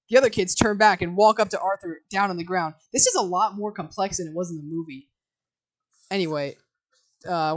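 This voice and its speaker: A woman live-streams herself reading a film script aloud, reading the scene directions flatly and then breaking off into flustered asides to her chat. Her voice is medium in pitch, and the recording is rough.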